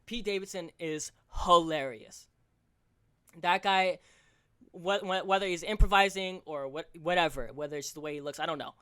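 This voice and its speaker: A young man hosting a solo podcast, ranting fast and profanely, tripping over his words with stammers and restarts. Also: on the high side, fairly bright tone, clear, resonant tone. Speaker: podcast host.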